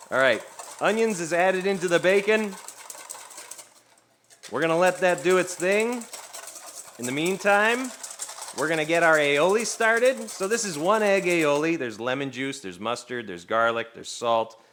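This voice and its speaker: A man's voice: a little high, expressive, unhurried, a bit bright, a little hiss or hum. A man streaming himself cooking, chatting casually and playfully with his viewers and laughing often.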